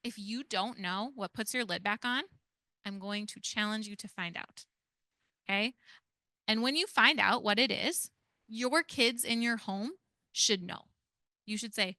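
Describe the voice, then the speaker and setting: A woman, a parent educator giving a lively workshop talk to foster parents and asking the audience many questions. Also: fairly high pitch, a little slow, no echo, studio quality.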